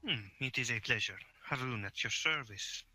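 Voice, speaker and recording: A man voicing a polite, soft-spoken male adventurer who speaks courteously and without hurry. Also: mid-range voice, no room sound, soft background music. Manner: courteous and unhurried.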